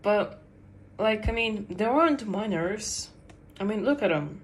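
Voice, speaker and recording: A woman's voice: mid-range voice, lively intonation, unhurried, rough recording. A woman streamer chatting casually while she draws, rambling and giggling with lots of fillers. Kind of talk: casual livestream chat while drawing.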